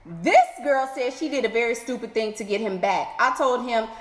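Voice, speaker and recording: Woman, sassy advice vlogger, high voice, echoey room with long ringing reverb. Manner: sassy, exclaiming, playful drawn-out asides. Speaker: advice vlogger reading letters. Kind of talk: animated advice commentary.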